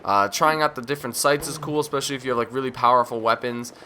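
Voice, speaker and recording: A man's voice: mid-range voice, steady tone, fast, pushed and bright, a little hiss or hum. A man giving casual, rambling commentary over his own gameplay, joking and mocking himself as he goes. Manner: rambling, jokey, self-mocking; drowsy, yawning at times. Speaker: gaming video commentator.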